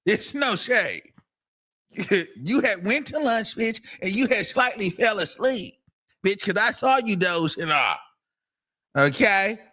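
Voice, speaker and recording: Animated high-voiced man dishing gossip. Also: takes it slowly. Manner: animated, profane storytelling with bursts of laughter. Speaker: commentary show host. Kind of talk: casual gossip commentary.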